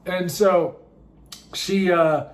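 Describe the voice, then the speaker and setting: Wry high-voiced man telling a story. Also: steady tone, very slow. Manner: wry, self-mocking, rambling with fillers. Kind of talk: comic personal storytime.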